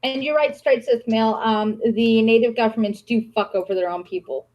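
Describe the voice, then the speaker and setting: A woman's voice: a little high, fairly even intonation, normal speed, muffled recording. Blunt, swearing woman podcast host. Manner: blunt, swears, reads news aloud. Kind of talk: casual livestream chat.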